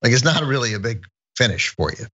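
A man's voice: mid-range voice, expressive, fast, pushed and bright, breathy edge, dull audio. A man co-hosting a podcast in casual chat, making dry, wry remarks. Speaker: podcast co-host.

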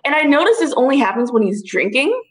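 A young woman in casual chat, telling a story in an animated way, swearing freely and calling her listeners dude and bro. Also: high-pitched, fast, a crowd in the background, poor audio.

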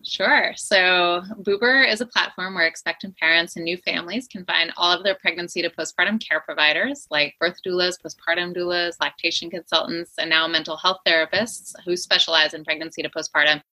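A middle-aged woman, a company founder, talking eagerly in an interview, with quick restarts and fillers. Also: on the low side, fairly even intonation, sharp tone, low-quality recording. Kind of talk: conversational interview.

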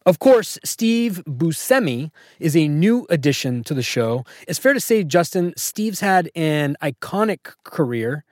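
A man's voice: on the high side, very animated, unhurried, few pauses, a little mellow, no echo, clean studio sound. A man hosting a podcast in casual chat, wry and joking, packed with trivia. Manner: wry, joking, fact-heavy. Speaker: podcast host.

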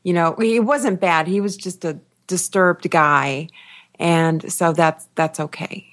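A woman's voice: on the low side, slow. A woman co-hosting a gaming podcast, talking in a frank, opinionated way and laughing easily. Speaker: podcast co-host. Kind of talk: casual podcast chat.

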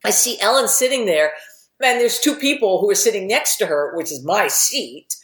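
A woman's voice: mid-range voice, expressive, moderate pace, reverberant. A middle-aged woman telling candid, rambling stories about her TV career as an interview guest, swearing casually. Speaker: guest, TV writer and producer.

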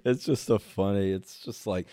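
A man's voice: lowish voice, moderate pace, dark tone. A man joking sarcastically on a podcast. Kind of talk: casual chat.

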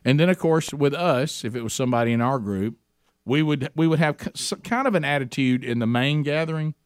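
A man hosting a casual group chat, animated and acting out little dialogues as he tells a story, with lots of restarts. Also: mid-range voice, fairly quick, smooth, dry recording, studio quality.

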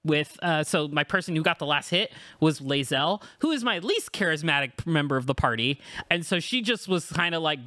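A man co-hosting a casual gaming podcast, chatty and quick to laugh as he tells game stories. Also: on the high side, sharp tone, dry recording, clean studio sound. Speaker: podcast co-host.

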